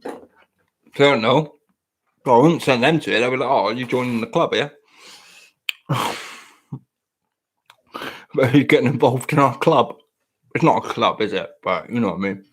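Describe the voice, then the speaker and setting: A man's voice: medium pitch, moderate pace, long pauses, slightly rough. Jokey West Country man chatting. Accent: West Country English. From South West England. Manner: jokey, laughs often, swears. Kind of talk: casual banter.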